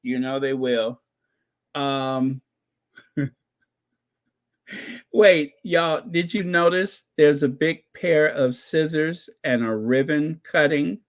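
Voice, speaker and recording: A man hosting his own channel reacts to royal news with excited, casual commentary, gleeful and laughing as he repeats his points again and again. His voice is on the high side, slow, with frequent pauses.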